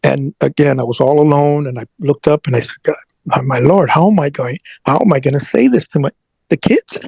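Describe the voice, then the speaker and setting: A man's voice: a little high, a little fast, vocal fry, darkish tone, breathy edge, dry recording. A man who is a guest on an interview show, telling a personal story earnestly and often repeating his words.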